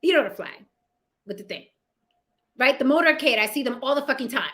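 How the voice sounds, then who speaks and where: A woman giving casual, profane opinion commentary, with sassy, animated asides to her viewers. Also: high-pitched, brisk. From United States. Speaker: commentary vlogger.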